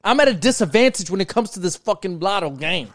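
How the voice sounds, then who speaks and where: Animated New man, profane podcast host. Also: high-pitched, quick pace, dry recording, clean studio sound. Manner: animated, profane, mock-indignant ribbing. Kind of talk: casual podcast banter.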